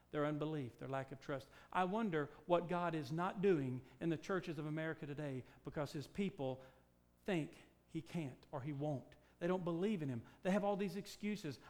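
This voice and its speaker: With a high voice and a moderate pace, a male preacher delivers an emphatic sermon full of rhetorical questions. Key words come out loud and punchy, while his points are pressed home in a low, quiet voice, making for big shifts in loudness.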